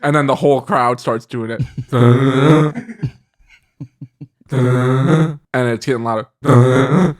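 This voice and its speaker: A man on a comedy podcast, improvising an absurd story in a rambling, animated way with frequent laughs. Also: mid-range voice, normal speed, no echo, studio quality. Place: podcast studio.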